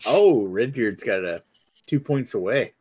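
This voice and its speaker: A man's voice: medium pitch, animated, measured pace, darkish tone, breathy edge. A man in a casual online group chat, laughing and reading game cards aloud to friends.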